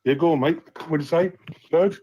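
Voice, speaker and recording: A man's voice: on the high side, a little fast, mellow, breathy edge, dry recording, muffled recording, soft background music. A man calling into a live fan show, talking in a rambling, frank way and swearing freely. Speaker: caller. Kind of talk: phone-in chat.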